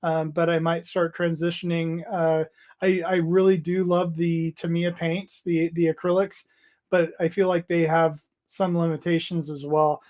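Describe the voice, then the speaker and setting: A man's voice: a little high, flat delivery, darkish tone. A man hosting a casual hobby livestream, chatting loosely, reading out viewer comments and trailing off into restarts. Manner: rambling, halting, reads out chat messages. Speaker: livestream host.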